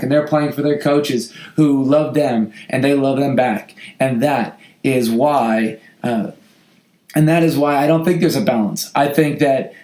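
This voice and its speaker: A man with a slightly hoarse voice, a football coach hosting a podcast, answering questions in an earnest, heartfelt way with frequent restarts. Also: mid-range voice, a little mellow. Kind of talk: casual podcast talk answering listener questions. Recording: roomy echo.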